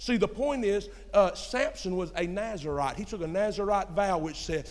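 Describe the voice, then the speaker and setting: A young man, a pastor preaching a sermon in a church with folksy storytelling, swinging from quiet asides to shouting. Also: high-pitched, normal speed, hardly any pauses. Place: church sanctuary. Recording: long hall reverb.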